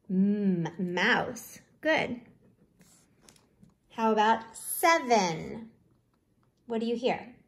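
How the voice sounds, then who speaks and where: A woman teaching a phonics lesson to young children, sounding out letters slowly and encouragingly. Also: on the high side.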